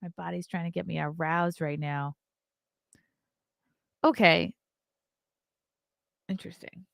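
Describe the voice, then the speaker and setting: A woman in her thirties chats casually as host of her own livestream, reading bits aloud and reacting as she goes. Her voice has a gravelly fry in it. The sound is dry and close, with no room around it. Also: on the low side, steady tone, slow, fairly bright tone, no echo. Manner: chatty, reads aloud and reacts, yawning. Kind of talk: casual solo livestream chat.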